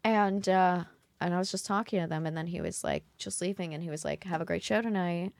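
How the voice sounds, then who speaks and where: A woman comedian hosting a casual podcast chat, telling joking, animated stories with acted-out quotes. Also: on the low side, brisk, no echo. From northern United States. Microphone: studio microphone.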